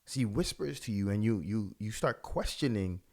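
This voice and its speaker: A man's voice: lowish voice, animated, normal speed, a little mellow. A man, a pastor, giving religious video commentary with impassioned, repetitive phrasing.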